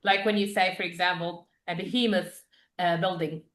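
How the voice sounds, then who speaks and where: A woman teaching an English vocabulary class, patient and quick with praise as she explains words. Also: lowish voice, steady tone, a bit bright, reverberant, a little hiss or hum.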